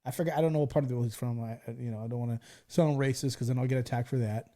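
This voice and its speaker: This podcast host, a man in his forties, talks very fast in a dark, mid-range voice with a steady tone. The conversation is casual, and he tells stories animatedly while swearing freely.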